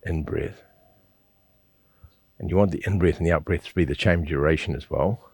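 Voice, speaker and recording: A man with a very low, deep voice guides students through a slow breathing exercise. He coaches patiently and repeats himself, often checking in with a quick "yeah?". The sound is dry and close, with no room echo. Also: darkish tone, breathy edge. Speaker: qigong teacher.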